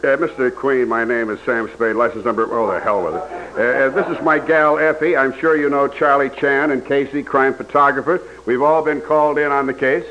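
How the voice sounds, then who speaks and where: A man's voice: medium pitch, fairly even intonation, a little fast, fairly bright tone, lightly acted. An actor playing a wisecracking hard-boiled male private eye with a dry, rambling delivery in a radio comedy sketch. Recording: dull old radio broadcast with hiss.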